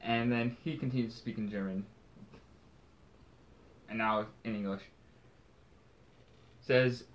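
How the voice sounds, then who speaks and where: A man's voice: mid-range voice, steady tone, takes it slowly, long pauses, highs cut off. Man casually recapping a comic. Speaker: podcast co-host.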